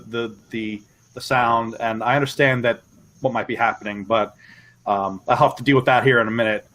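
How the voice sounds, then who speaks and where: A man playing a tabletop game, explaining his character's actions in a halting way with frequent restarts. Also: mid-range voice, a bit bright, poor audio. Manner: halting, many restarts and repeats. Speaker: player. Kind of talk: casual tabletop play.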